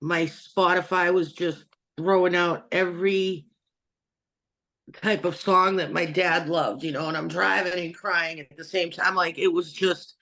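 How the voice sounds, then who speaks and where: A woman hosting a talk show over a video call, chatty and quick to laugh. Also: fairly low pitch, fairly even intonation, fairly bright tone. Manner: chatty, laughs between stories. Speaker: host. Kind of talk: casual chat.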